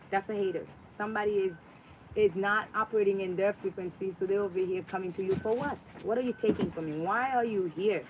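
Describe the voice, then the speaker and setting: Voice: mid-range voice, fairly bright tone, slight background noise, rough recording. A spiritual vlogger giving an emphatic motivational monologue, repeating lines for effect and throwing in sassy asides.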